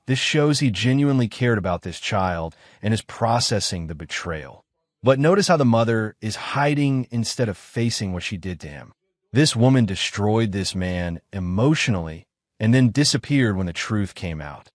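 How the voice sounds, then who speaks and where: A man's voice: lowish voice, animated, moderate pace, no echo, clean studio sound. A man narrating commentary over clips in a blunt, judgmental tone.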